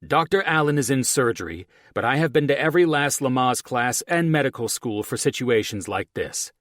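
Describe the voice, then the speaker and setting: A firm doctor husband gives commands in a lively, slightly raised voice, as a male narrator plays him. His instructions are clear and the recording is dry and close. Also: mid-range voice, normal speed, dry recording, voice pushed up, natural voice. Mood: firm instructing. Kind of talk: audiobook character voice.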